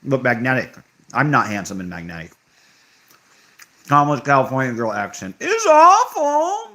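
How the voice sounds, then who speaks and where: This young male streamer chats casually, reading out viewer comments and answering with offhand sarcasm. His medium-pitched voice swings hugely in pitch and sounds pushed and bright, moving at normal speed with long pauses.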